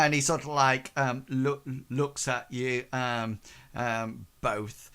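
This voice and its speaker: Slow, bright-voiced game master. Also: male voice, medium pitch, steady tone. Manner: hesitant, full of fillers. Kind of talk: narrating a tabletop game.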